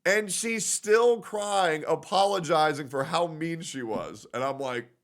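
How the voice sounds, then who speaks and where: A young man streaming and telling a story to his chat in a loud, animated way, laughing at his own jokes. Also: on the high side, measured pace, slight background noise.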